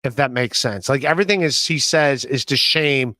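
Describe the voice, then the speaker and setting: A man's voice: medium pitch, moderate pace, sharp tone, dry recording, clean studio sound. A man hosting a podcast, talking casually in a rambling way, with many fillers and restarts. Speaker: podcast host. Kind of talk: casual chat.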